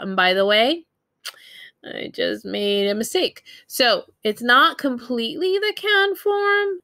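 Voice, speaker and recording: A woman's voice: fairly high pitch, animated, slow pace, sharp tone, no echo, studio quality. A woman teaching a recorded Japanese grammar lesson, explaining in a casual way with many fillers and self-corrections.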